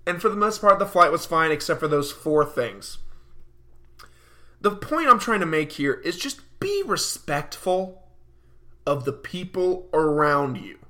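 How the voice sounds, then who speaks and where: A young man in his early twenties hosts a podcast, ranting animatedly through a casual monologue and laughing often. His voice is on the high side, sing-song and unhurried, with a pushed, bright quality.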